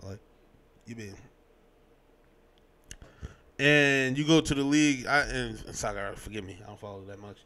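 A young man hosting a podcast, giving his sports opinions in a casual, animated way, full of slang and restarts. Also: medium pitch, a little slow, pauses often. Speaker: podcast host.

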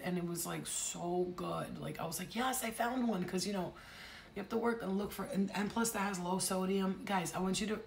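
Chatty woman with a gravelly voice. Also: lowish voice, slight background noise. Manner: rambling, chatty, laughs often, blunt crude jokes. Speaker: psychic tarot reader. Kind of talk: casual intuitive reading.

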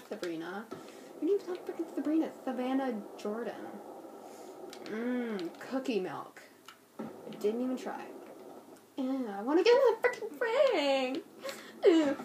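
A woman chatting goofily to herself while commentating on a game she is playing. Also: high-pitched. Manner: chatty, goofy, talks to herself. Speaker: gameplay commentator. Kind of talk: casual let's play commentary. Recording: noisy home recording.

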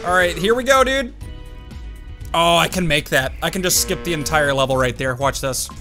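Gamer guy doing let's play commentary, kinda high voice, bouncy and excitable, yelling at the game, music going behind him. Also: moderate pace. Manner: excitable, talks to the game and himself, jumpy outbursts. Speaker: gaming YouTuber. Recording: game music playing under the voice.

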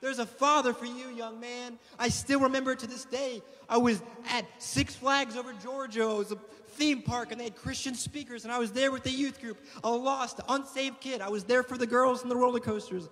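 High-voiced pastor preaching in a reverberant hall. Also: male voice, fairly even intonation, normal speed, few pauses, fairly bright tone. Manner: impassioned preaching with rising intensity. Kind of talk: sermon. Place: church sanctuary. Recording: long reverb of a church hall.

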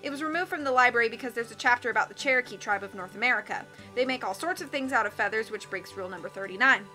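Lady reading as a smart bookish kid, patient explainer, bright storybook voice. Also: on the high side, racing, faint music behind. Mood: explaining. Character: clever bookish boy, calm explainer.

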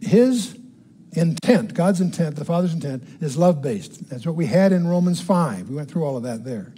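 An older man teaches the Bible verse by verse in a conversational style, reading scripture slowly and with emphasis and tossing quick questions to his listeners. His husky voice is fairly high and dark in tone, with lively intonation.

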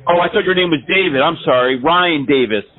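A man with a high voice makes a prank call and rambles through one exaggerated complaint after another. The sound is thin and narrow, the way a phone line sounds. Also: a little fast. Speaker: scambaiter prank caller.

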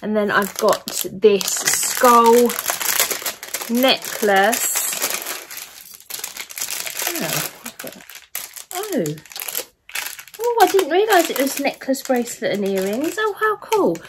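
A woman's voice: on the high side, very animated, very slow, long pauses, noisy background. A young woman chatting casually and gushing over her gifts in a haul video. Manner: gushing, enthusiastic, chatty with fillers. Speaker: vlogger. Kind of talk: casual gift haul chat.

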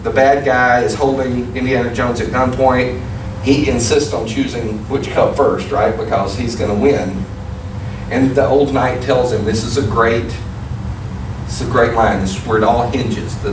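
A man preaching a sermon as pastor, telling a story in a relaxed, conversational way and putting questions to his congregation. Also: medium pitch, noisy background. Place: church sanctuary. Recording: echoey hall, distant mic, room ambience.

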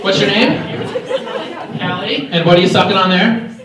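A man giving a playful, animated motivational talk to high school students at an assembly. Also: normal speed, a crowd in the background. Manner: playful, animated, talks straight to the audience. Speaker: motivational speaker. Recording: echoey hall, voice from far off.

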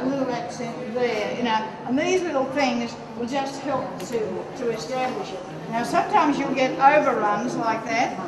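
Australian woman teaching from afar in an echoey hall. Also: fairly high pitch. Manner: chatty, thinking aloud as she works. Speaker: painting teacher. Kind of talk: live watercolour demonstration. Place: large room with a live audience. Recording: echoey hall from far off, loud background noise.

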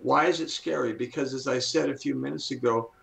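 A man in his seventies with a gravelly edge to his voice and a middle-pitched tone. He explains things in an earnest, teacherly manner as a talk-show guest, drawing out key words to stress them. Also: fairly quick, fairly bright tone, rough recording. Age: 70s. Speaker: guest speaker.

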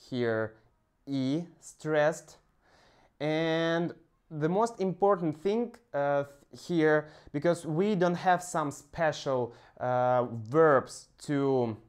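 A male language teacher talks through a pronunciation lesson at an unhurried, drawn-out pace. His English halts often on "uh" as he searches for words, in a mid-pitched voice. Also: clear, resonant tone. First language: Russian. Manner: slow, halting explanations with frequent "uh" pauses.

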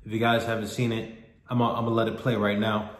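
A man's voice: on the low side, flat delivery, fast, echoey room, slight background noise. A man vlogging a personal story in a candid, profane, rambling way, often repeating himself. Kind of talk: casual storytelling monologue.

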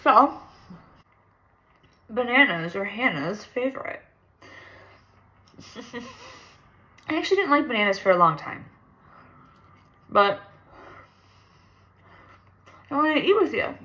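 Casting: young woman vlogger, slightly high voice, chatty and rambling. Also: sing-song, slow, pauses often, pushed and bright. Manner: bubbly, chatty, rambling with restarts. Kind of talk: casual vlog chat.

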